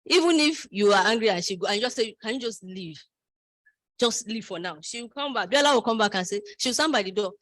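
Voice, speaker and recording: A woman's voice: medium pitch, brisk. A middle-aged woman speaks at a graduation ceremony. She tells her stories with energy and slips into the voices of the people in them. Her voice sounds close and dry, with no room echo. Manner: storytelling, lively, quotes others in voices. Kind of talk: speech.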